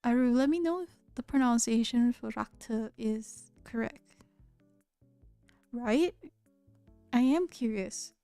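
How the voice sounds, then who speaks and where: A young woman with a Malaysian accent, chatting casually with her viewers on a livestream, curious and quick to laugh, often restarting her sentences. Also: fairly high pitch, mellow, clear, resonant tone, no room sound, faint music behind. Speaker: streamer. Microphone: close studio mic.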